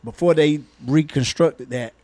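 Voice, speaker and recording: A man with a somewhat high voice tells a story in a relaxed, folksy way, full of colloquial turns of phrase. He is a retired police officer turned comedian, co-hosting a podcast. The mic is close and the room is dry. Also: measured pace, no echo. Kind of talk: casual storytelling chat.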